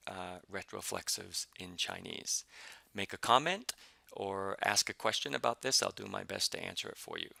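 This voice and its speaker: A man teaching a pronunciation lesson, explaining patiently step by step with many fillers and repeating example syllables slowly. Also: sits low, creaky, bright, forceful tone, dry recording. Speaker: language teacher.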